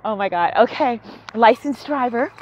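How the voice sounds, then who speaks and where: A woman vlogging as a mother, excited and emotional, laughing and near tears. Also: on the high side, moderate pace. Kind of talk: excited casual vlog.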